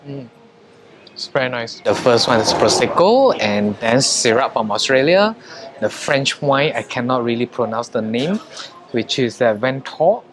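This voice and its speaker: A man vlogging a casual review of hotel food, wine and rooms, chatty, with frequent pauses and fillers. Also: mid-range voice, lively intonation.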